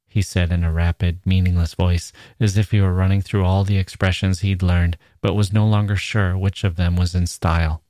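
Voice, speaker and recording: A man hosting a podcast, reading a short story aloud in a measured, steady way. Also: low voice, no room sound, studio quality. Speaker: podcast host.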